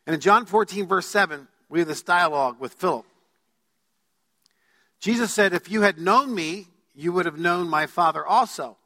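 A man's voice: high-pitched, moderate pace, pushed and bright. A man preaching a sermon as pastor, emphatic, putting questions to his congregation. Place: church sanctuary. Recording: long hall reverb.

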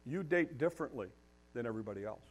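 A man's voice: mid-range voice, lively intonation, fast talker, slight background noise. A middle-aged man preaching a sermon, emphatic and direct, challenging his listeners and repeating words as he builds each point. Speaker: pastor.

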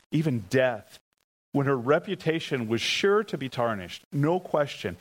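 A man preaching a sermon, emphatic and repetitive, leading the congregation in call-and-response and telling stories with animated excitement. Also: low-quality recording. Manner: emphatic, repeats key phrases, leads the congregation in call-and-response; animated storytelling with rising pitch when excited. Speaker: pastor.

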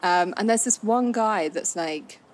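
A woman's voice: mid-range voice, measured pace. A woman from London, co-hosting a casual chat, telling frank stories and laughing often. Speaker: podcast co-host.

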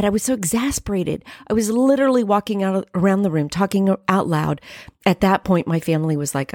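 An earnest middle-aged woman hosts a faith podcast, telling her own story in a close, personal way. Her voice sits at an ordinary pitch and sounds dry and close to the mic, with no room around it. Now and then she drops into a soft whisper. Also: moderate pace, dry recording. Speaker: podcast host.

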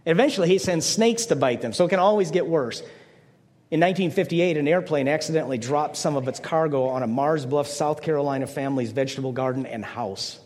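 A man's voice: on the high side, fast talker, a little mellow, in a large hall. An older man preaching a conversational sermon as pastor, playful, slipping into mock voices to make his points.

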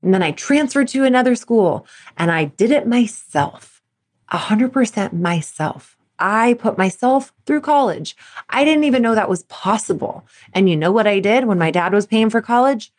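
A woman's voice: mid-range voice, expressive, moderate pace. A woman in her thirties hosting a solo podcast, talking candidly to sports parents and acting out her younger self in quotes. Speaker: podcast host, performance coach.

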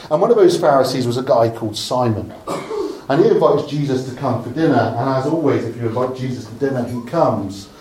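Preacher from Dorset, echoey room. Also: male voice, medium pitch, animated, brisk, a little hiss or hum. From Dorset, England. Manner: conversational storytelling, humorous asides, softening to a hush at the close. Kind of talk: sermon.

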